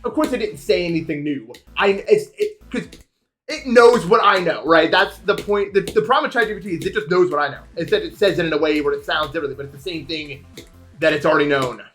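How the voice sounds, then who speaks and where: A man's voice: a little high, fast talker, soft background music. Rambling young streamer man. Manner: rambling, animated, swings into shouting. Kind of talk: casual stream chat.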